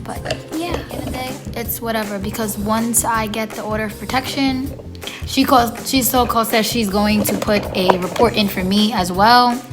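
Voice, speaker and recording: Over music, a woman with a slightly high voice speaks at normal speed, telling a casual storytime. The vlogger rambles, uses many fillers, and acts out quoted dialogue.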